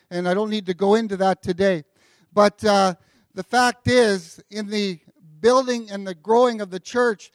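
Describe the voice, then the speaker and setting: Guy with a pretty high voice preaching, laid back and chatty, lots of uhs, dry close sound. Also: dry recording. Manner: relaxed and conversational, with filler words and joking asides. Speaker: pastor. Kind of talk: sermon.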